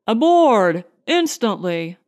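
A woman's voice: mid-range voice, sing-song, slow pace. A woman narrator voicing a grim, tense male starship scientist in a clipped way.

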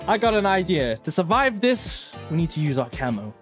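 A young man livestreams a combat flight game in a high, bouncy voice that leaps around in pitch. He jokes with viewers and moves quickly from mock calm to frantic yelling. Faint game music runs softly behind him. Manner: animated, jokey, quick swings between mock calm and yelling. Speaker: gaming streamer. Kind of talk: live gameplay commentary.

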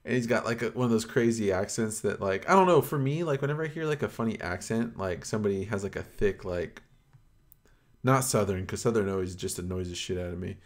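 A man's voice: fairly low pitch, lively intonation, a little fast. A man co-hosting a casual podcast, rambling with lots of filler words and retelling stories. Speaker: podcast co-host. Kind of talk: casual chat.

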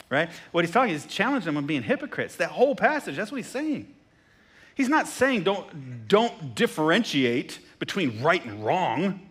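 A man preaching a sermon as pastor, animated and jokey, who repeats phrases and asks the congregation questions. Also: a little high. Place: church sanctuary.

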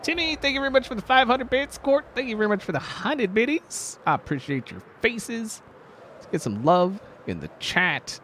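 A young man streaming a game, chatting casually and goofily, his voice a little rough from sickness and lack of sleep. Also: high voice, moderate pace, a little hiss or hum. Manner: animated, excitable, goofy. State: slightly sick, sleep-deprived voice. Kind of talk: casual live-stream chat.

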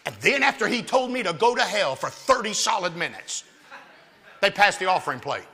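A man tells his life story from a church platform in a very high, piercingly bright voice, swinging from hushed asides into shouted punchlines. His comic, animated preaching rings out with the long reverb of a large hall. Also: creaky. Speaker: guest speaker giving his testimony. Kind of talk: comic testimony preaching to a youth rally.

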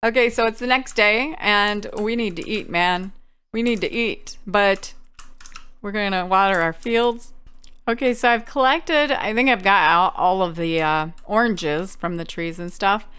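A woman's voice: medium pitch, measured pace, a bit bright, smooth. A woman hosting a game playthrough, chatting through each step as she plays. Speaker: gaming channel host. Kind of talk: let's play commentary.

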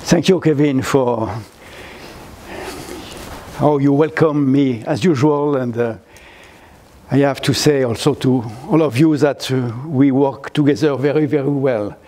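An older man from France with a French accent, giving a gallery lecture in halting English, full of fillers and restarts. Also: mid-range voice, mellow, slight background noise. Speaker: guest lecturer. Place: lecture hall, seated.

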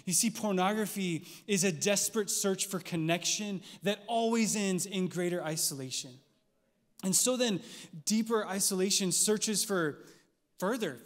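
A man giving an earnest, conversational sermon as a pastor, with casual filler words. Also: high-pitched. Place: church hall. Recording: long church-hall reverb.

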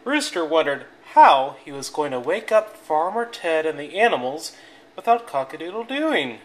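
A reader reading a children's picture book aloud in a clear, expressive way. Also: medium pitch, normal speed.

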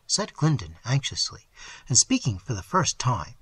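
A male audiobook narrator tells a classic story with vivid, animated swings in pitch. His voice is husky yet bright. The recording is close and dry. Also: moderate pace, dry recording. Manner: expressive storytelling, widely varied pitch. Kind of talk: scripted narration of a classic novel.

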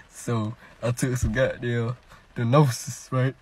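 A man's voice: medium pitch, fairly bright tone, husky. A young man who tells rambling comic stories in slang, laughs at his own jokes, and talks into a webcam during a video chat. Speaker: comedy streamer. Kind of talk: loud rambling comic storytelling.

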